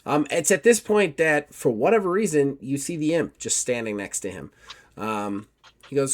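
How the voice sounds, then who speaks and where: A man's voice: mid-range voice, sing-song, moderate pace. A man narrating a tabletop horror game as game master, casual and full of fillers. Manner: casual, lots of fillers, laughs easily.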